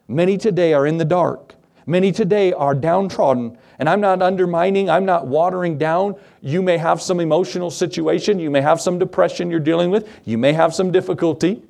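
A man's voice: on the high side, brisk, gravelly, a little mellow. A man preaching a sermon, reading scripture and speaking earnestly, drawing out key words. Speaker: pastor.

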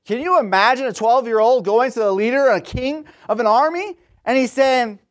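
A man's voice: very high voice, moderate pace. A man in his thirties preaching a sermon, telling stories in a conversational way and retelling scripture in casual slang. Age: 30s.

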